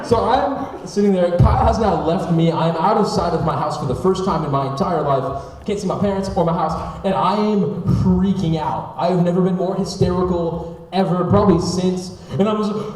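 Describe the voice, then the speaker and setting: A young man preaching a sermon, telling a personal story in a chatty, animated way. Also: high-pitched, moderate pace, a little hiss or hum. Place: church sanctuary. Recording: echoey church hall from far off.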